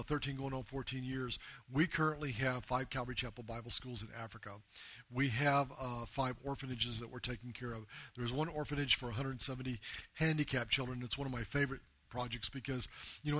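Male missionary from the US, quick and bright, earnest testimony talk, dry recording. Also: mid-range voice, no room sound. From United States. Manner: earnest storytelling, often addressing the listeners as "guys". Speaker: missionary speaking to a men's group.

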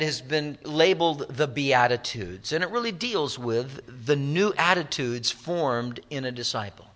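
Pastor, male, sermon delivery, bright tone, slightly higher voice, emphatic slow stresses.

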